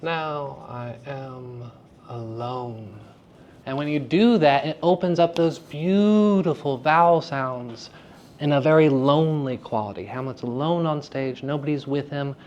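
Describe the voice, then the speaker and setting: A man teaching verse speaking to high school students in a live lecture, with a playful and teasing manner. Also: moderate pace, a little mellow, highs cut off, slight background noise. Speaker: drama teacher giving a lecture. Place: school room at a theater festival.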